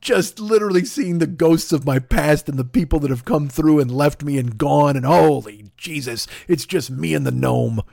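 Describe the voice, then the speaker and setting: A man's voice: fairly high pitch, normal speed, creaky, few pauses, a little mellow, no room sound. A man co-hosting a comedy podcast, rambling and self-deprecating, talking into a studio microphone. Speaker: podcast co-host.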